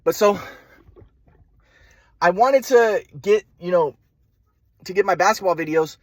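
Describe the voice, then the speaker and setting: A man's voice: high-pitched, measured pace, no room sound. A young man telling a personal story in a rambling way, full of restarts and repeated words.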